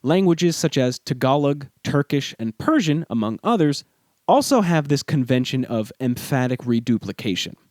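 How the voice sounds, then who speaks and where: A man narrates a scripted language lesson in a measured, explanatory way. His pitch moves a lot, rising sharply on the words he stresses. The recording is close and dry, with no room sound. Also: dry recording. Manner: measured, explanatory, lively emphasis on key words. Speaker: podcast host.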